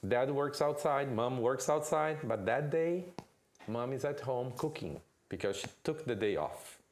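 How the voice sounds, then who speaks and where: A man giving a lecture at a spiritist center, telling a family story with lively delivery and often asking "okay?". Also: medium pitch, measured pace, slight background noise. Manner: animated storyteller, checks in with "okay?".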